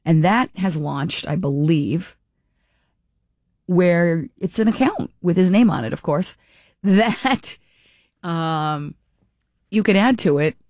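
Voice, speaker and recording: A woman hosting a call-in talk radio show, chatty and quick to laugh, often breaking off mid-thought. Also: fairly low pitch, expressive, darkish tone, no echo, clean studio sound.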